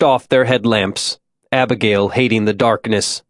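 Guy reading a creepy novel aloud, steady pace, dead dry recording. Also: mid-range voice, a little slow, no room sound. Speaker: audiobook narrator. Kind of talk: scripted narration.

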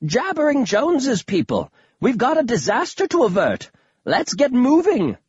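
A man doing a wildly excitable old lord. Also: normal speed, husky, dry recording, dull audio, exaggerated voice. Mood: excited. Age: older. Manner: exclaiming, theatrical, pitch jumping high.

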